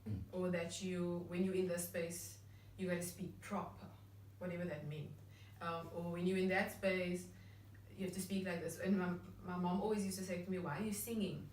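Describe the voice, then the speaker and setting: A woman's voice: on the low side, level tone, moderate pace, a little mellow, a little hiss or hum. A woman from Cape Town in her thirties with a Cape Town accent, co-hosting a music vlog in a chatty, reflective way with many restarts. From Cape Town, South Africa. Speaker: vlog co-host. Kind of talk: casual discussion. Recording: echoey room, mic at a distance.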